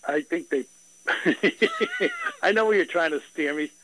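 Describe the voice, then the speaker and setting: A comedian guest on a radio show talks in a wry, joking way. His voice sits a little higher than average. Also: wildly swooping pitch, slow pace, a bit bright, a little hiss or hum, poor audio.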